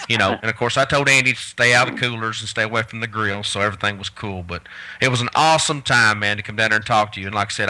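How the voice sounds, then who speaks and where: A man's voice: lowish voice, pushed and bright, rough recording. A man co-hosting a radio show who tells long, rambling, enthusiastic stories. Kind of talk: casual radio chat.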